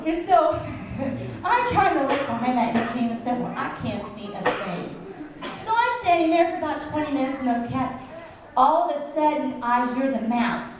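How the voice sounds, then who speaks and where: Heard from far away in an echoey church hall with room noise, a woman with a voice on the high side tells a funny story at a normal speed. It's church story time, and she acts out her reactions with gasps and laughs.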